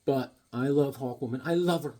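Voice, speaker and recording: Mellow and medium-pitched, this man talks at a moderate pace as he chats casually about his comic books. He's a vlogger who rambles and cracks corny one-liners in a lighthearted, comedic way.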